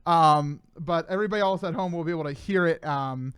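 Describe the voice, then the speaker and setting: A male host with a high voice, recorded bone-dry and close. He chats casually and gets excitable, laughing easily between lines. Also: a little fast, clear, resonant tone, no room sound. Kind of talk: casual chat.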